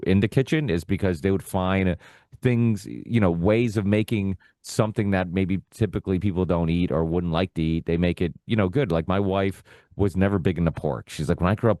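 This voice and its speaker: A man's voice: low-pitched, mellow, no echo, clean studio sound. A young man, guest on a podcast, telling stories in a loose, rambling way full of "you know" and "like". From United States, Portuguese immigrant family. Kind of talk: casual conversational storytelling.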